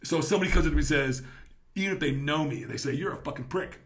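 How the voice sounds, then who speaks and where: A middle-aged male podcast host with a gravelly, somewhat high voice. He tells stories in a loose, profane, animated way, in casual chat. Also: rapid-fire, a little hiss or hum.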